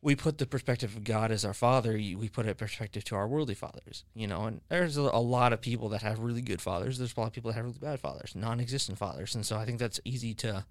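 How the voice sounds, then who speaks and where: A man with a fairly low voice hosts a casual podcast conversation about faith. He tells long, rambling stories full of fillers and restarts. The sound is dry and close. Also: quick pace, few pauses, dry recording. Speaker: podcast host.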